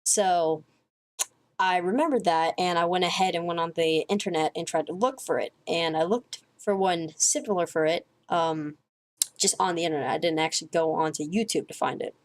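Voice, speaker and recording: A woman's voice: fairly low pitch, normal speed. A woman vlogger telling a rambling, profane story in a casual monologue, full of swearing, fillers and restarts.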